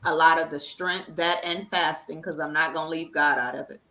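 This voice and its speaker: A middle-aged woman, a grieving mother, speaking earnestly and haltingly as an interview guest. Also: sits low, fairly even intonation, sharp tone, low-quality recording. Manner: earnest, halting, repeats words when upset. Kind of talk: emotional conversational interview.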